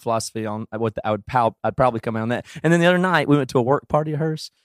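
A man's voice: medium pitch, racing, no room sound, clean studio sound. A man co-hosting a podcast in casual chat, telling stories and acting out the arguments in them. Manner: animated storytelling, acting out quoted arguments. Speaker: podcast co-host.

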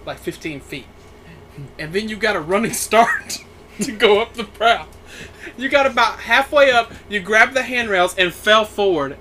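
A man's voice: high voice, sharp tone, a little hiss or hum. A young man co-hosting a podcast, teasing his friend with crude jokes and laughter. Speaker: podcast co-host, sailor. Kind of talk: casual chat, storytelling.

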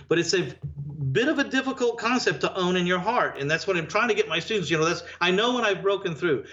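A man who invests in and teaches real estate, talking in a casual interview and acting out the people in his stories. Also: a little high. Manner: animated storyteller, acts out dialogue. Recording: dull lo-fi remote audio.

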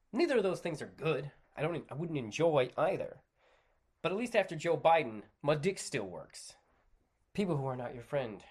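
A man's voice: medium pitch, slightly rough. A man hosting a solo podcast, ranting with sarcastic, profane humor. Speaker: podcast host. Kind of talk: solo opinion rant.

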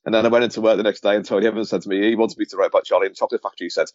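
Brief: man, podcast co-host, rapid rambling anecdotes, low voice, dry dull audio. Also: fairly even intonation, darkish tone, no echo. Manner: rambling storyteller with many restarts. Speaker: podcast co-host, former football journalist. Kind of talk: casual chat, anecdote telling.

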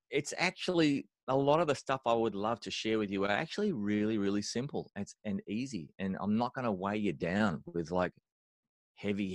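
A man, a worship mentor, talking in an animated, emphatic way as a podcast guest, often repeating words as he starts a phrase. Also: on the low side, no room sound. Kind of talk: conversational interview.

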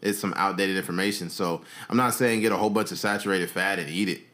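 A man's voice: deep voice, fairly even intonation, fast, fairly bright tone. A man co-hosting a casual podcast, talking in a laid-back, easygoing way, swearing casually and laughing often. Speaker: podcast co-host. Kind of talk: casual chat.

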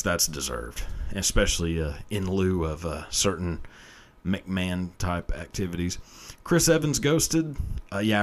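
A podcast host in casual solo commentary, ranting profanely and emphatically about award shows. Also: male voice, deep voice.

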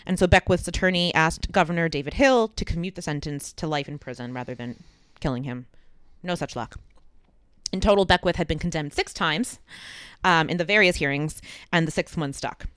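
A man's voice: fairly high pitch, brisk, a bit bright, clean tone, no room sound. A man hosting a podcast, telling a true crime story with dry asides and fillers. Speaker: podcast host.

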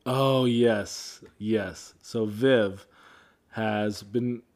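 A man's voice: on the low side, steady tone, drawn-out words, darkish tone. A man co-hosting a podcast in casual chat, chiming in with short replies and dry wisecracks. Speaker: podcast co-host.

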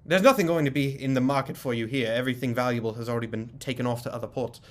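A man's voice: mid-range voice, racing, natural voice. A man doing a shady, snappish shopkeeper. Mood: curt. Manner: curt, exasperated, brusque. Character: shady irritable male shopkeeper in a crime town.

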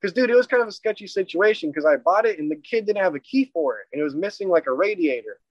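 A man casually retelling a personal story in a rambling, profane, animated way. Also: high-pitched, quick pace, no echo. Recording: dry, dull lo-fi audio.

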